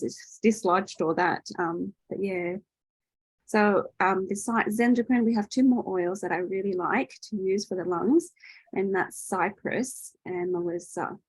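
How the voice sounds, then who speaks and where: A woman's voice: medium pitch, breathy edge, no room sound, poor audio. A woman leading an online workshop over a video call, teaching in a casual, chatty way with lots of fillers and tag questions. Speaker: workshop host.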